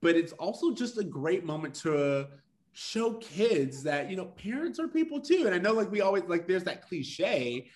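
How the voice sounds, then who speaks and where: Enthusiastic man with a slightly high voice. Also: sing-song, moderate pace. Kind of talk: casual discussion.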